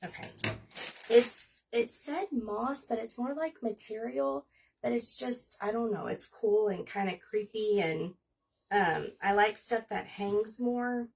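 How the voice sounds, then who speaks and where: Woman in her forties, husky gravelly voice, chatty rambling craft livestream host, a bit far from the mic. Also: a little high, takes it slowly, a little mellow. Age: 40s. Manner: chatty, rambling, talks while working. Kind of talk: casual crafting livestream chat.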